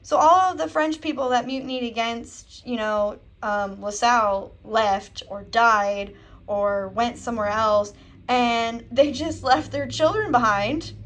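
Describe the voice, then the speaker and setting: A woman's voice: a little high, unhurried, fairly bright tone. A young woman teacher giving a casual history lesson from home, acting out historical figures in a jokey voice. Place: home, with a dog nearby.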